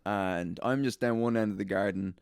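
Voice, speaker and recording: A man's voice: on the low side, normal speed, smooth, no echo, clean studio sound. A man co-hosting a podcast, telling a story in casual chat, rambling and swearing with frequent laughs. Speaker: podcast co-host.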